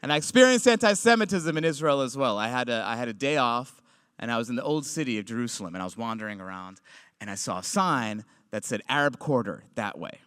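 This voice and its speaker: Male stand-up comic, animated, bright, dry close sound. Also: mid-range voice, fast talker, clear, resonant tone, dry recording. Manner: animated, swinging between loud and quiet. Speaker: comedian. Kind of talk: stand-up comedy.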